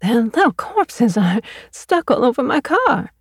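A woman's voice: a little high, big pitch swings, a little slow, breathy edge, no room sound, clean studio sound, voice pushed up, exaggerated voice. A woman reading an audiobook, voicing a fussy, gushing middle-aged mother who talks in a prim way.

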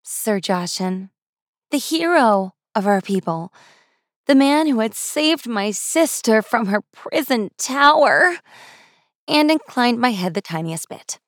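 Woman reading a fairy tale, wry and brisk, dry close recording. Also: on the high side, lively intonation, no echo. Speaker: audiobook narrator. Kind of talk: first-person storybook narration.

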